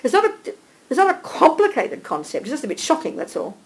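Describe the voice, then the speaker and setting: A woman teaching a small group live, animated and direct, checking in with listeners by name and calling them darling. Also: high voice, fast, poor audio. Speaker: Buddhist teacher.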